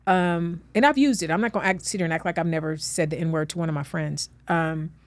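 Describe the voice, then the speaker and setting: A woman's voice: fairly low pitch, fairly quick, dry recording. A middle-aged woman, a guest actress, talking earnestly in a heartfelt conversation and turning emphatic when she comforts someone. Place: studio with audience.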